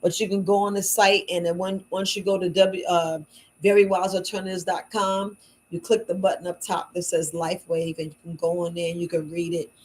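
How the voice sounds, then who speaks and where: Tired husky woman talking low. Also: flat delivery, a little fast, poor audio. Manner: low-voiced, repetitive and emphatic, folksy speech. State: tired, worn out. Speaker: herbal shop owner selling wellness patches. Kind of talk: casual late-night livestream talk. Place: at home at night.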